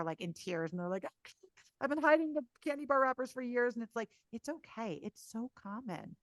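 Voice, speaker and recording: Woman coach on a podcast, bright punchy voice, blunt and energetic, swears now and then, dry close sound. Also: medium pitch, no echo. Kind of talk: candid podcast conversation.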